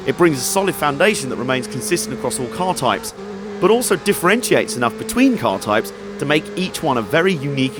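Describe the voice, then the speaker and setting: A man's voice: medium pitch, fairly bright tone. A man narrating a scripted video game retrospective, with wry, sarcastic asides.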